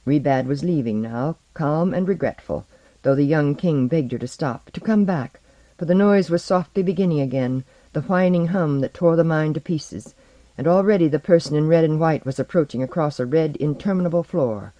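An audiobook narrator reading fantasy prose in a measured, dramatic way. The voice sits in the middle range. It is recorded very dry and close, with no room sound. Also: mid-range voice, mellow, no echo, dull audio. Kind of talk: scripted narration.

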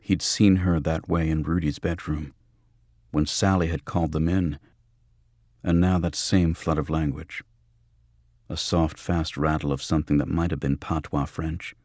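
A man narrates a novel in a very low, husky voice. He reads at an unhurried pace, and the recording is close and dry. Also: fairly even intonation, darkish tone, dry recording. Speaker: audiobook narrator. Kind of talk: scripted narration.

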